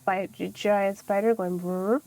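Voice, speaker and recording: A woman's voice: mid-range voice, fairly even intonation, a little slow, darkish tone. A woman streaming a video game, reading its text aloud with casual asides. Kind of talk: casual let's-play commentary.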